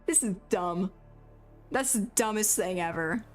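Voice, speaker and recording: Soft music plays behind a young woman streamer as she casually comments on a video game in a medium-pitched, slightly slow voice. She sounds exasperated, swears, and laughs through the let's-play.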